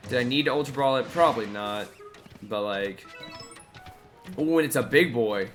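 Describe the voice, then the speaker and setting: A man's voice: mid-range voice, moderate pace, faint music behind. A man chatting casually while playing a game live, reacting aloud to what happens on screen. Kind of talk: casual gameplay commentary.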